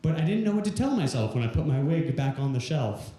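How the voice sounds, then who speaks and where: A man's voice: on the high side, sing-song, a little fast, warm tone. A man performing rhyming stand-up comedy on stage, telling a story in rhymed verse. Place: live comedy venue stage. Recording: echoey live venue room.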